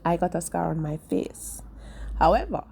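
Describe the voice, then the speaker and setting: A woman's voice: lowish voice, lively intonation, moderate pace, gravelly, warm tone, a little hiss or hum. A young woman, telling a personal story in a candid, chatty way to her viewers. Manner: candid, chatty, often tags "right?". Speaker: vlogger.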